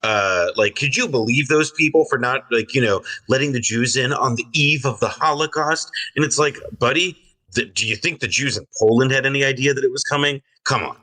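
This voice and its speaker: A man's voice: mid-range voice, a little fast, bright, forceful tone, recorded from a distance, rough recording. A man joining as a guest, talking in a hesitant way full of fillers. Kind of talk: conversational commentary.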